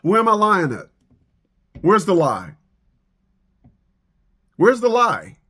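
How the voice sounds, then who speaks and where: A man's voice: high-pitched, wildly swooping pitch, takes it slowly, a bit bright, husky. A middle-aged man giving a preachy monologue about fathers and child support, often stammering and repeating words as he restarts. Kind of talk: animated monologue to camera.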